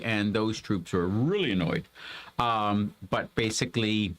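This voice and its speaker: A man teaches history to a child in a loose, conversational way. He rambles and restarts often, leaning on fillers. His voice swings widely in pitch and stays energetic. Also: normal speed. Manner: animated, rambling, many fillers. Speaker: homeschool parent teaching history. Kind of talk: casual history lesson with a child.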